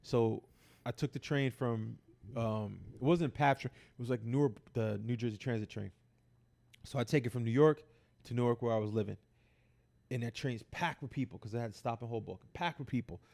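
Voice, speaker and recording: A man with a gravelly, creaky edge to his voice, chatting on a podcast. He spins long personal stories in a loose, animated and foul-mouthed way, often slipping into the voices of the people in them. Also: mid-range voice, brisk. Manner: animated, profane, acts out dialogue in his stories. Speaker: podcast co-host. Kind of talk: casual podcast storytelling.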